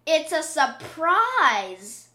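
A woman's voice: high-pitched, sing-song, extremely slow, bright, forceful tone, pitched above the performer's own voice, full character voice. A woman voicing an exasperated but loving mother pig in a storybook reading. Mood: fond. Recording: roomy echo.

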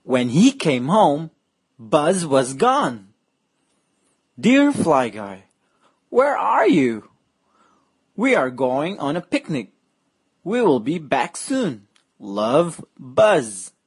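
A woman reading a picture book to children, drawing every word out very slowly. Her pitch swoops up and down as she plays up the story, and her voice has a soft, breathy edge. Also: sing-song. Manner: slow, playful, exaggerated reading.

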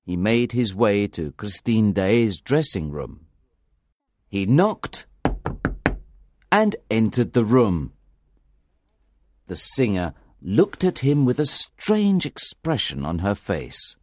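A man narrating a graded-reader storybook with clear, careful delivery. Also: fairly low pitch, big pitch swings, slow pace, pauses often, a little mellow, no room sound, clean studio sound. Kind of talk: audiobook reading of a graded reader.

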